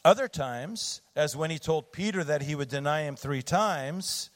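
A man's voice: fairly high pitch, measured pace. Middle-aged male pastor; conversational sermon, anecdotal, loose with fillers. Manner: conversational storytelling with fillers and restarts.

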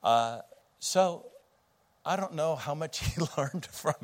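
A man's voice: a little high, expressive, slow pace. A middle-aged man preaching a sermon as pastor, telling a family story in a conversational way with fillers and restarts.

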